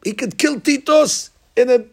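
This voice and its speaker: Gravelly husky man telling Talmud stories. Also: very high voice, moderate pace. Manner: animated storyteller, acting out lines with rising shouts. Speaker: Torah teacher. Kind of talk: Talmud class storytelling.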